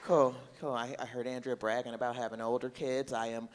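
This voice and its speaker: A woman in her forties performing a stand-up comedy set, brash and oversharing, with sudden bursts of loud outrage. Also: extremely low pitch, little pitch movement, brisk. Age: 40s. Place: comedy club stage with live audience. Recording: reverberant live venue with audience laughter.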